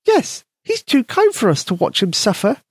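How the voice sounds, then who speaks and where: A man voicing a kind-hearted little male house mouse with a squeaky, excited voice for a children's storybook. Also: moderate pace, breathy edge, dry recording, studio quality, exaggerated voice. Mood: urgent.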